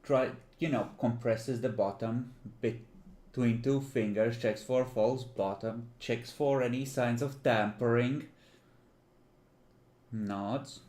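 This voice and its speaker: A man narrating as game master of a tabletop role-playing game, unhurried and easygoing as he describes the scene. He speaks slowly, and his voice echoes in the room. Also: medium pitch, fairly even intonation, darkish tone.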